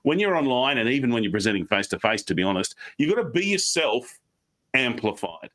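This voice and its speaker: An Australian man giving online presentation tips on a video call, fast and animated, slipping into quick mock voices. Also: medium pitch. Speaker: guest speaker.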